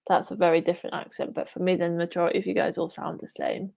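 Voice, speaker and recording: English woman guest on a podcast, lowish creaky voice, chatty, says yeah a lot. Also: little pitch movement, fast, mellow. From England. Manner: chatty, many fillers like "yeah" and "like". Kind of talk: casual interview chat.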